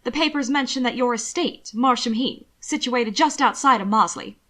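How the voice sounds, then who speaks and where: A gossiping society lady leans in with eager, coaxing chatter, as a woman puts her on. She pitches her voice a little higher and louder than the narration around her. The effect is a storybook reading with a touch of period drawing-room manners. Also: normal speed. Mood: coaxing, gossipy. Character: chatty gossiping noblewoman and mother.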